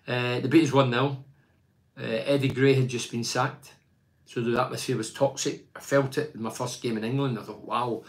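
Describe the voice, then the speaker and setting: An older man with a medium-pitched voice, formerly a footballer, chats casually about his club and reads fan messages aloud. He is blunt and opinionated, rambling and restarting his sentences often.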